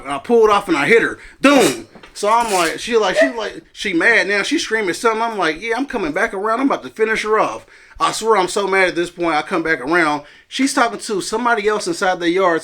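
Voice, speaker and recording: A man's voice: sits high, fairly quick, few pauses, sharp tone. A man animatedly telling a story in casual chat, acting out quotes and laughing often. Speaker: cast member telling a story.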